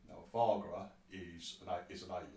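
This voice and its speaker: A low-voiced man runs a tabletop game, rambling and swearing as he narrates. The room sounds echoey, and he is picked up from some distance away. A faint ambience hums in the background. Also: steady tone, brisk, warm tone. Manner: rambling and sweary, with many restarts. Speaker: game master.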